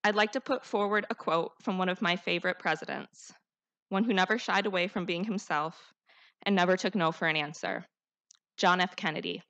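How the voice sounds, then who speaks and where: A teenage girl speaks at a podium as the class salutatorian, her voice sitting a little low for a young woman. She delivers her graduation speech in an earnest, heartfelt way and builds to rousing calls to action. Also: fairly quick, fairly bright tone. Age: teens.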